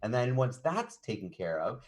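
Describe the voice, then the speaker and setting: A man's voice: very animated, normal speed, a little mellow. A young man, a player in a tabletop game, joking casually with the group. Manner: joking, swings pitch widely.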